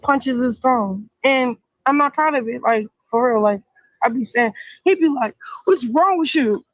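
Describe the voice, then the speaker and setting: A woman's voice: a little high, a little slow, no echo, low-quality recording. A woman talking casually on a livestream, rambling and emphatic, often repeating herself. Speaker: interviewee in a played clip.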